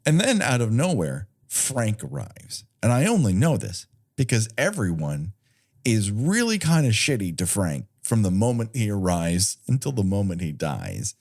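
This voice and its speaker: A man with a low voice that swings widely in pitch, riffing sarcastically as a podcast co-host. He swears freely and slips into silly put-on quotes as he jokes his way through the talk. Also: a little mellow. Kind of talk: casual comedic chat.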